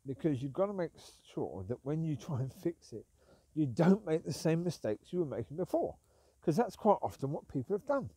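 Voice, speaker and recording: A Christian talk vlogger wanders through thoughts on ministers and sin while walking his dogs outside, stopping to call to them. He has a fairly high, sing-song voice that's dark and husky, at a moderate pace, with no room sound.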